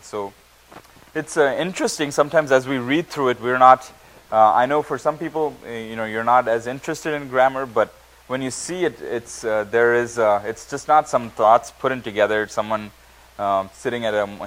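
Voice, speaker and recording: A man teaching a Bible study class, reading verses aloud and explaining them, often pausing with fillers and restarting words. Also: medium pitch, fairly bright tone, low-quality recording. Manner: halting, many fillers and restarts. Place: church classroom.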